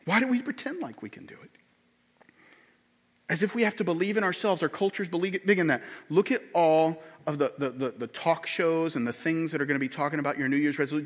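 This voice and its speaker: A man pastor preaching a sermon, animated, acting out quoted voices with big swings in pitch and loudness. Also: in a large hall.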